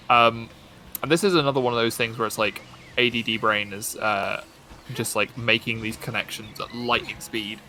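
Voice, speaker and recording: A man's voice: medium pitch, fairly even intonation, moderate pace, bright, forceful tone, slight background noise. A man streaming a game, chatting casually in a rambling, joking way and often cutting himself off mid-sentence. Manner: rambling, self-interrupting, joking. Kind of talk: casual gaming chat.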